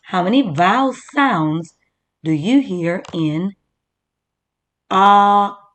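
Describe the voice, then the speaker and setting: A woman teacher leading a first-grade reading lesson, slowly sounding out words for young children. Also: fairly low pitch, animated.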